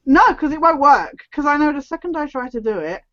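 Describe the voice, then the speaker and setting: A woman's voice: high-pitched, animated, a little fast, fairly bright tone, muffled recording. A woman from just south of London, chatting casually with a laugh and a self-deprecating manner. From just south of London, England. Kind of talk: casual online chat.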